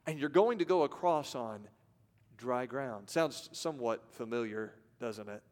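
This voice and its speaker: A man's voice: mid-range voice, expressive, unhurried. Preaching man in an echoey hall. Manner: dramatic swings from loud to hushed, acts out voices. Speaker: pastor. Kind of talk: sermon. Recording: long reverb of a large hall.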